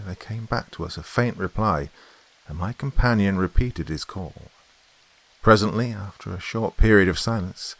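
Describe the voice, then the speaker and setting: A man narrates a classic horror story for a podcast in a measured, suspenseful reading. His voice sits very low, husky, with wide rises and falls.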